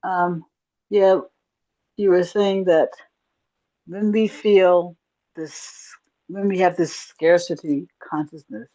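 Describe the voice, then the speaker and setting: Low-voiced woman with slow, dull audio. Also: steady tone, mellow. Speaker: caller asking a question.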